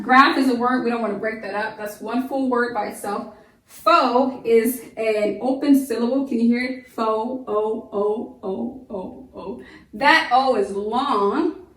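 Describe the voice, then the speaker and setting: High-voiced woman teaching phonics. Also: fairly bright tone, recorded from a distance. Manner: slow, stretched sounding-out of syllables. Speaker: homeschool teacher. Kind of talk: phonics lesson. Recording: echoey room, voice off-mic.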